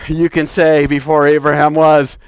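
Fervent high-voiced preacher shouting declarations. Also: male voice, level tone, normal speed, smooth, dry recording. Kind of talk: sermon. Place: church.

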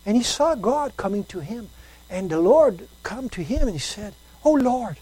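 Woman preaching with lively swings. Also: medium pitch, moderate pace, breathy edge, low-quality recording. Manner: lively, repeats phrases, storytelling, swings between loud and soft. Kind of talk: sermon.

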